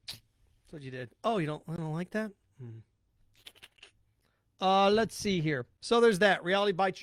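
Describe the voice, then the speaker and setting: A man with a high voice hosts his own sports talk podcast. He rants bluntly and sarcastically, hammering his points over and over. The sound is dry and close, with no room echo. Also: animated, unhurried, long pauses. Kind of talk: opinionated solo podcast rant.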